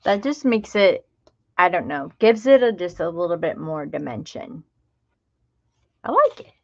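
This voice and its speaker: A woman chats her way through a crafting project, half to her viewers and half to herself. Her voice sits low with a gravelly edge, and she takes her time. The sound is slightly dull and lo-fi. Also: sing-song, measured pace, dry recording. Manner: chatty, talks to herself while working, drops into whispers. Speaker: craft video host. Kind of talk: casual crafting vlog chat.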